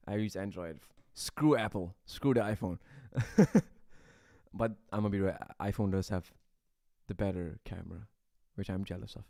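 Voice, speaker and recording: A man's voice: fairly low pitch, dark tone, no echo, clean studio sound. A man streaming live as a beatboxer, chatting casually with his viewers, laughing often and repeating words as he rambles. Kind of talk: casual livestream chat answering comments.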